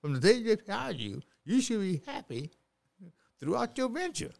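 Middle-aged male guest, lively sing-song pitch, preachy and repetitive, casual podcast talk. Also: moderate pace, gravelly. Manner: animated, repeats words, preachy.

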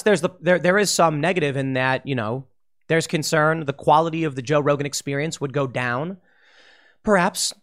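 A man with a slightly high voice talks straight to camera in a loose political monologue. He sounds restless, circling back over his words and restarting sentences as his thoughts run ahead. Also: fairly bright tone. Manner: restless, repeats and restarts phrases, mocking impressions. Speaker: political commentator.

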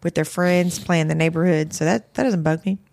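A woman's voice: on the low side, moderate pace, creaky, darkish tone, no room sound. A chatty woman talks as a podcast guest and laughs often. She cuts in when a thought strikes her. Her voice is recorded dry and close on a studio microphone. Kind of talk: casual chat.

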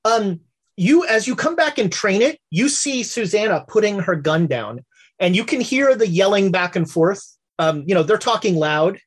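Woman GM, mid pitch, casual halting narration full of fillers. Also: animated, husky. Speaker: game master. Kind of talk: narrating a tabletop game.

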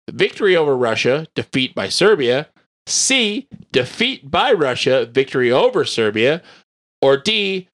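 A man hosting a casual podcast quiz, reading questions out slowly and joking with the players. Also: fairly high pitch. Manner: reads quiz options slowly, lively and jokey. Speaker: quiz host.

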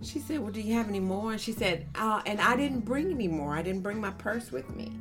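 A woman telling funny family stories on a podcast, acting out her toddlers in high little voices. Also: a little fast, music in the background. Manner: animated storyteller, acts out toddlers in high voices. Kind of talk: casual chat.

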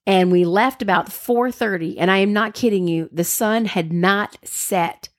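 A woman telling a shared travel story in casual chat, emphatic and quick to jump in with details. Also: medium pitch. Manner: animated and emphatic, jumps in to add details.

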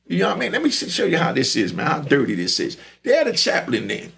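A gravelly-voiced man telling a story in a lively, streetwise way, his pitch sitting fairly high and swinging widely. He talks in loose, rambling runs and keeps checking in with the listener. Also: fast. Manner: animated, streetwise, repeats "you know what I mean". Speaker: podcast host telling stories. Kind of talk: storytelling monologue.

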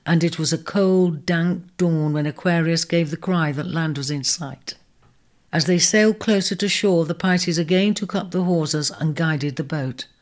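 A woman narrating a storybook in a steady, measured way. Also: fairly low pitch. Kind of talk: storybook reading.

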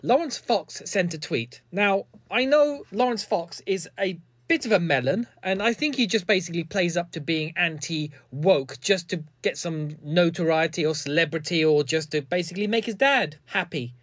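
A man's voice: high-pitched, animated, normal speed, few pauses, fairly bright tone. A man delivers a sarcastic comedic commentary, mocking as he goes. His voice rises and falls a lot. The sound is close and dry, with no room echo.

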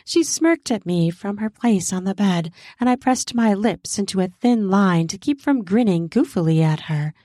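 A woman narrating an adult audio story in a slow, intimate reading. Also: mid-range voice, animated, mellow, no echo, clean studio sound.

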